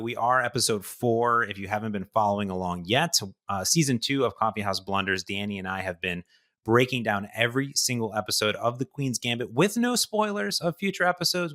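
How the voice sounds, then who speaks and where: A man hosting a casual chess podcast, energetic and animated, joking about himself. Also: mid-range voice, no echo, studio quality. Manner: energetic, animated, self-deprecating. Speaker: podcast host.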